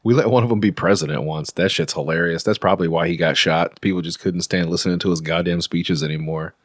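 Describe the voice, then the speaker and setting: A man's voice: deep voice, fairly even intonation, fast talker, no echo, studio quality. A man from Arkansas, a guest on a casual comedy podcast making blunt, crude wisecracks.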